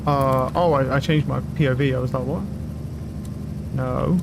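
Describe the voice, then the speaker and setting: A young man streaming a game, talking loudly and excitably with lots of swearing to his chat and a friend. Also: medium pitch, normal speed, vocal fry, heavy background noise. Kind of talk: casual live-stream commentary. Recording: game music loud behind voice. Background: game music.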